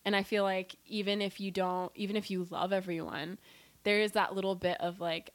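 Woman, casual podcast guest: easygoing, chatty, mid pitch, dry close recording. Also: level tone, normal speed, no room sound. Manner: laid-back, chatty, peppered with "like" and laughs. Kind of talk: casual chat.

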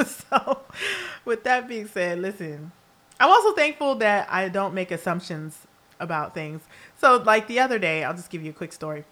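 Woman podcast host, mid-pitch, candid and profane, laughs a lot, chatty storyteller. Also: moderate pace. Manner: animated storyteller with asides. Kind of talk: casual solo monologue.

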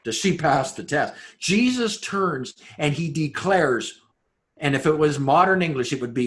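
A man preaching a sermon, building through rhetorical questions and dropping to a hushed voice for emphasis. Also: a little high, animated, moderate pace. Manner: dramatic rhetorical questions, swings between loud and hushed. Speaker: pastor.

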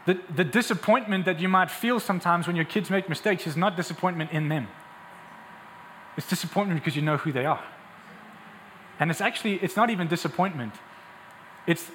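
A man's voice: a little high, a little fast, fairly bright tone, long reverb tail, slight background noise. A young man preaching a sermon as a pastor, conversational and then building to emphatic peaks.

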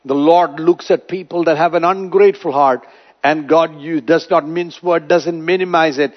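A man preaching a sermon, retelling a parable with dramatic storytelling and wide swings in loudness. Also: fairly high pitch, steady tone, moderate pace. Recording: dull lo-fi recording.

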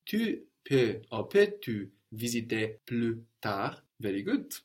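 A male teacher giving a spoken language lesson. He explains pronunciation patiently and steadily, pausing to quiz his student with short questions. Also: mid-range voice, very animated.

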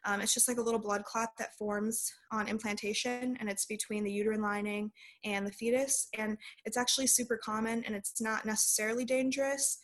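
A woman's voice: on the high side, flat delivery, fairly quick, a bit bright. A young adult woman, a podcast guest, telling a personal story in a casual way with lots of "like" fillers.

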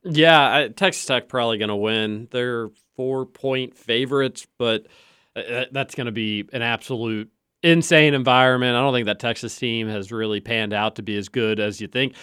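Man, sports talk host, opinionated, animated, dry recording. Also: mid-range voice, clear, resonant tone, dry recording. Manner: animated, opinionated, quick rebuttals.

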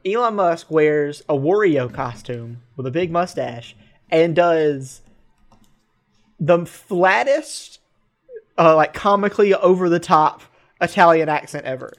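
A man's voice: fairly high pitch, lively intonation, slow. Sarcastic man joking between laughs. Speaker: podcast co-host. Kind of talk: casual chat.

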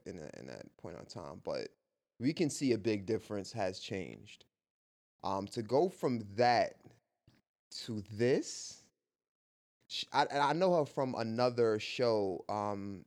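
A man's voice: lowish voice, a little mellow. A man co-hosting a casual podcast, talking animatedly, exclaiming and repeating himself. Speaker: podcast co-host. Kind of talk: casual chat.

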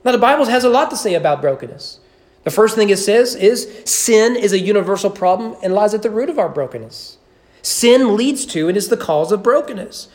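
A man's voice: high-pitched, animated, moderate pace. A man preaching a Sunday morning sermon in a church, earnest and emphatic, building repeated phrases and dropping in wry asides. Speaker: pastor. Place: church sanctuary.

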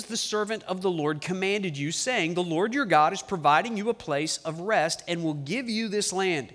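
High-voiced man preaching a sermon. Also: lively intonation, fairly bright tone. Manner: emphatic, slows down on key phrases; reads scripture aloud with the congregation. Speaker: pastor.

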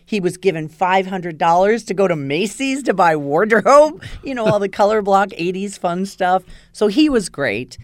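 A woman guest on a podcast, a former news anchor, chatting casually in a quick-witted, teasing way. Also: mid-range voice, expressive, no echo. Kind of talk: casual conversation.

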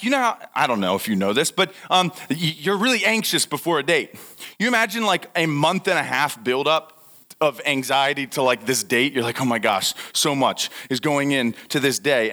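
A young man telling a funny story in a talk, animated and laughing, acting out what people said. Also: fairly high pitch. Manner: animated, laughing, acts out quotes. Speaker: speaker giving a talk.

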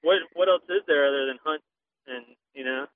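A man with a Southern drawl talks in a blunt, joking podcast chat and swears now and then. His voice sits a bit high. The sound is thin and phone-like, dry and close. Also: fairly quick, no room sound. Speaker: podcast co-host. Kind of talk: casual chat. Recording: tinny phone-like line.

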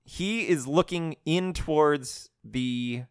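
Wry man with a smooth voice. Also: a little high, slow pace, no room sound, clean studio sound. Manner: wry, sarcastic commentary. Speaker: podcast co-host. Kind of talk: casual chat recapping a movie.

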